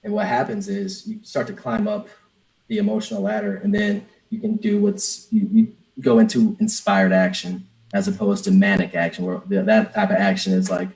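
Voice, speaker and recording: A man's voice: on the low side, expressive, moderate pace, darkish tone, poor audio. Man, interview guest, candid and earnest, many restarts, conversational. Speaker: business coach, podcast guest.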